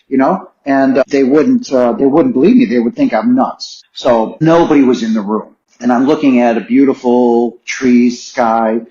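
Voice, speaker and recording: A man's voice: mid-range voice, normal speed, hardly any pauses, mellow, slight background noise. A middle-aged man speaks as a podcast guest, sharing a personal story with earnest emotion and insistent repetition. His voice sits in an ordinary middle register. The recording is echoey, with a slightly dull, narrowed tone. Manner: earnest and emotional, repeating phrases for emphasis. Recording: roomy, slightly dull sound.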